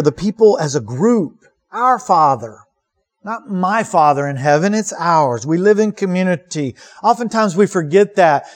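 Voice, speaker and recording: High-voiced man preaching a sermon. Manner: earnest preaching with rhetorical questions and emphatic repetition. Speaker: pastor.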